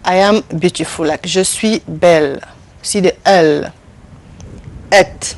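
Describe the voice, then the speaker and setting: A woman teaching French pronunciation on a TV segment, slowly repeating words for viewers to echo. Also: fairly low pitch. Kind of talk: TV language lesson.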